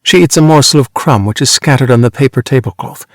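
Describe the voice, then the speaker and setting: A man narrating a literary novel in a measured, even reading voice. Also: medium pitch, dry recording, studio quality. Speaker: audiobook narrator.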